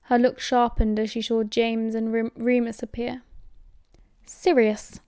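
A woman with a British accent reading audiobook narration at a steady, measured pace. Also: fairly high pitch, clean tone, no room sound, studio quality. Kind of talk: scripted narration.

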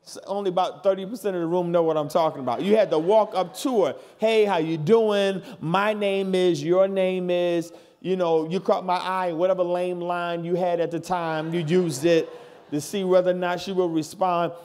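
A man's voice: high-pitched, steady tone, fairly quick, darkish tone. A pastor in his thirties preaching a sermon to his congregation in church, building from plain talk into hollering. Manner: talks straight to the congregation.

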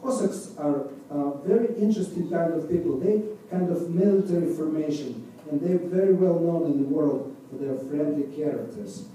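A high, mellow-voiced man with a Russian accent chats with an audience and recites tongue twisters with a friendly, joking touch. His voice echoes through a large room and is picked up from a distance. A faint hiss sits underneath. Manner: friendly, explains with light humor and slow careful recitations. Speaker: balalaika musician presenting to an audience. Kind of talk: live talk to an audience between songs. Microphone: far room microphone. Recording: echoey room recorded from afar with faint noise.

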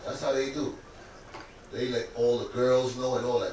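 Profane stand-up comic on a loud cruise stage. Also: male voice, mid-range voice, normal speed. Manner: animated, profane, mimics Caribbean characters. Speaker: stand-up comedian. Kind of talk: stand-up comedy set. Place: event on a cruise ship. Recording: distant live mic with loud crowd noise and echo. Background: laughing audience.

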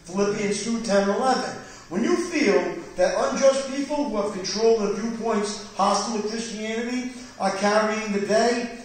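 Preaching a Bible study sermon at a moderate pace, a male pastor builds fervent, rising emphasis, his voice pitched high for a man. He's captured from afar in a church hall with heavy echo.

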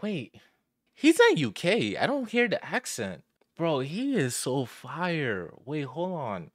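A man's voice: a little high, huge pitch swings, slow, a bit bright, no room sound, studio quality. A young man hosting a music reaction, talking in casual slang and exclaiming in surprise as he listens. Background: song playing.

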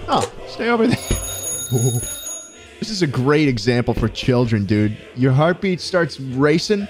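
Male gamer, mid pitch, very animated delivery, cursing and yelping through a let's-play. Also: measured pace, soft background music. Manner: profane, excitable, yelps and laughs often. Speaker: gaming YouTuber.

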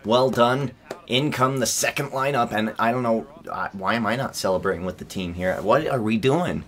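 A young man commentating his own basketball video game, excitable, often bursting into yells and laughter. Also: mid-range voice, normal speed.

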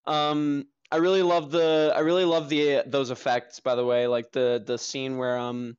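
A man's voice: medium pitch, flat delivery, moderate pace, clear, resonant tone, lo-fi sound. A young man co-hosting a film podcast, rambling through his take with lots of fillers and casual swearing. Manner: rambling, filler-heavy, profane, enthusiastic. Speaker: podcast co-host, film reviewer.

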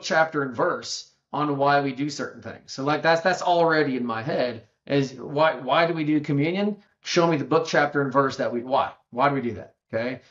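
A man as a podcast guest, telling a long story in a casual, rambling way with many restarts, and getting lively when he quotes other people. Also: fairly high pitch, highs cut off.

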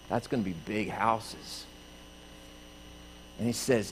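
With a mid-range voice, an unhurried pace, and long pauses, a middle-aged pastor tells a playful children's story in a church sanctuary. He stays animated, acting out screams. The echoey hall carries faint room noise.

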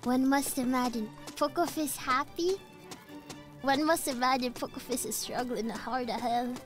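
A young-sounding woman with a high voice chats casually while streaming a game. She rambles playfully, jumping from topic to topic with frustrated outbursts. Faint game music plays underneath. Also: a little slow. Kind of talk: casual gaming livestream chat.

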